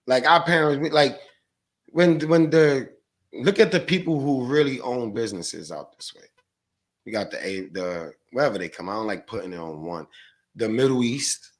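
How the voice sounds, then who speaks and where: A man's voice: medium pitch, animated, moderate pace. A man guest on a podcast, a stock trader, talking in a slangy, profane, rambling way. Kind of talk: casual podcast chat.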